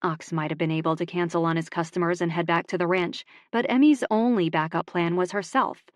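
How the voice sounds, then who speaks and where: A woman narrating a contemporary romance audiobook in a steady, measured reading. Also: on the low side, dry recording, clean studio sound.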